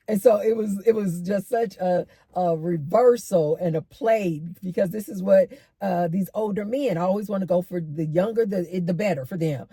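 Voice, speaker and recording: Brief: middle-aged woman host, warm and husky, emphatic casual storytelling. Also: fairly low pitch, moderate pace, hardly any pauses, no echo. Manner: animated, emphatic, repeats lines for effect.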